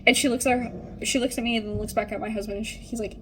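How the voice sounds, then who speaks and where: Chatty young woman, slightly high voice. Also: fairly even intonation, racing, a little hiss or hum, rough recording. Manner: chatty, rambling, frequent "like" and "um". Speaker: vlogger. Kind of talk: casual story time while getting ready.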